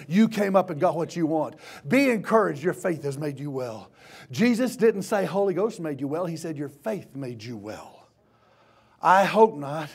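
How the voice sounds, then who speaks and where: Male pastor, high voice, fiery sermon style that drops to near-hushed asides. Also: expressive, moderate pace, creaky, noisy background. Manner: impassioned preaching, swinging from shouts to hushed tones. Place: church.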